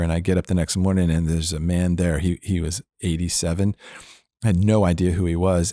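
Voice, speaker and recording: A man's voice: low voice, mellow, no room sound, studio quality. An older man speaking as a podcast guest, teaching about faith in an earnest, emphatic way, repeating phrases and laughing between points.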